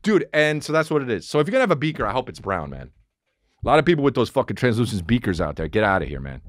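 A man hosting a podcast, telling rambling stories in a profane, animated, casual monologue. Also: mid-range voice, racing, no room sound, clean studio sound. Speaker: podcast host.

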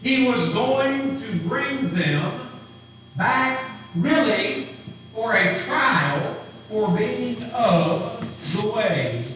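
A man's voice: very high voice, lively intonation, extremely slow, a bit bright, slight background noise. A man preaching a sermon who asks his congregation questions as he teaches. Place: church sanctuary. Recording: roomy, distant church recording.

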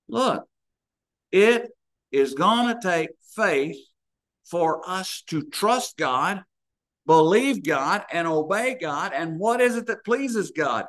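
A man's voice: high-pitched, lively intonation, takes it slowly, a bit bright. Storytelling preacher, man. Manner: storytelling preacher, acts out voices in anecdotes. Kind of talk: sermon.

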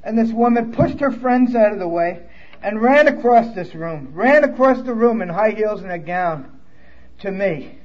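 A man's voice: high voice, animated, normal speed, darkish tone, dull audio. A man from New York with a New York accent, telling his recovery story at a conference in a candid, emotional way with blunt swearing. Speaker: recovery speaker. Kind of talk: personal testimony at a conference. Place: conference hall.

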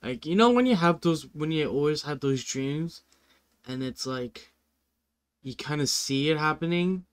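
A man's voice: on the high side, animated, unhurried, smooth. A man hosting a music reaction video, chatting casually and earnestly, rambling with lots of "like" and "you know".

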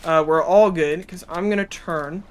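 A man streaming a game, chatting casually with his chat, excitable and profane, with a cold. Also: a little high, moderate pace, clean tone. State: has a cold. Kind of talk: casual gameplay commentary.

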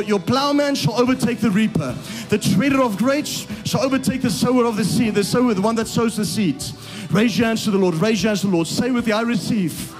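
A male pastor preaching a sermon in a church, reading scripture with impassioned, rising emphasis. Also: high-pitched.

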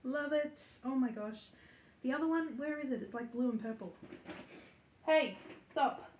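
Here a flosstube host speaks in a high-pitched, brisk, slightly mellow voice. Chatty and giggly, she peppers her cross-stitch vlog with ums and likes while addressing the camera from her stitching room at home, where the sound echoes with faint noise.

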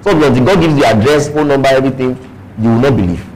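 A pastor with a Nigerian English accent, preaching a sermon in church, with playful asides and acted-out quoted voices. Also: male voice, medium pitch, quick pace, darkish tone, poor audio.

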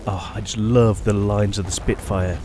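A man giving casual, chatty gameplay commentary as a channel host, often pausing and restarting his sentences. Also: lowish voice, steady tone, noisy background. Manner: chatty, halting, many restarts and fillers.

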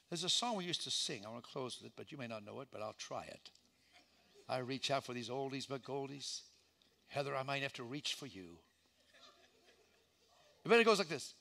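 A man preaching a sermon as pastor in a church, telling a story dramatically and acting out the voices, swinging from shouts down to hushed lines. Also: medium pitch, lively intonation, fairly quick.

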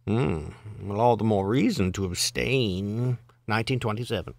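A man's voice: lowish voice, moderate pace, creaky, dry recording, studio quality. A man reading bawdy limericks aloud, chuckling and adding amused asides, swooping into mock voices for the quoted lines. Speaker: reader.

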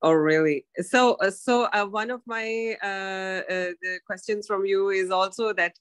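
A woman hosting an interview, asking questions hesitantly with many pauses and fillers. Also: mid-range voice, no room sound. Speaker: interview host. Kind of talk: casual conversational interview.

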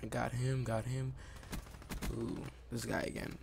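A young man giving excitable live commentary over his own video game play, recorded on a desktop microphone at home. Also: medium pitch, a little slow, creaky, noisy background. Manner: excitable, reacts aloud to the game. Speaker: gaming YouTuber. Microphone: desktop USB mic.

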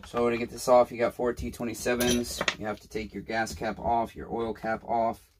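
A man's voice: medium pitch, monotone, moderate pace. Tired, swearing man in a noisy workshop. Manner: frustrated, muttering, swears often. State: tired and overwhelmed. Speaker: small-engine repairman. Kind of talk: casual workshop vlog.

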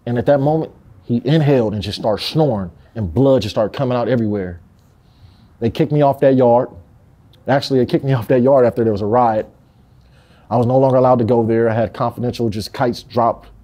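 A man's voice: medium pitch, a little fast, warm tone. A man from Compton speaking in a candid interview, emphatic and full of street slang and profanity. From Compton, California.

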